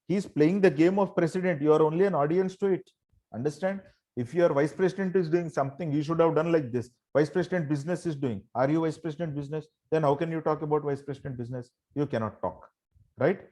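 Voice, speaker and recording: A man's voice: on the high side, brisk, a little mellow. Emphatic male trainer. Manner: emphatic, rhetorical questions, repeats "my dear friends". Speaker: motivational trainer. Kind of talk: online motivational session.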